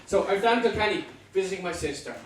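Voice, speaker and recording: A Dublin Irish comedian in his forties works the room with a teasing, chatty delivery. His voice sits fairly high, captured from a distance in a very echoey club. The crowd can be heard around him. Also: lively intonation, rapid-fire. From Ireland. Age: 40s. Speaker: stand-up comedian. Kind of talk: stand-up comedy with crowd work. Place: comedy club with a live audience. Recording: echoey room, far from the mic, crowd noise.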